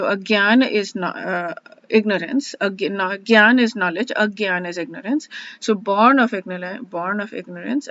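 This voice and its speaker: A woman's voice: medium pitch, fairly bright tone. Earnest woman reflecting, slightly dull recording. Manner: earnest, searching, halting with many restarts. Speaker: host studying scripture one verse a day. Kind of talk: casual personal reflection and verse study. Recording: dull lo-fi sound.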